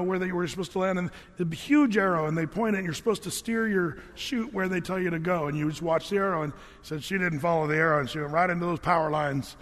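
A man's voice: high voice, fairly bright tone, long reverb tail. A middle-aged man telling a humorous personal story to an audience, in a loose, rambling way that often restarts its sentences. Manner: loose, rambling, self-correcting.

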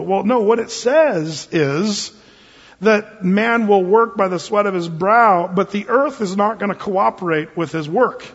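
A man with a high, husky voice delivers a sermon as pastor. He jokes his way through the teaching in a loose, conversational manner, and the sound is dull and lo-fi with a long reverberant hall tail. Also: measured pace. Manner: joking, conversational preaching. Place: church sanctuary.

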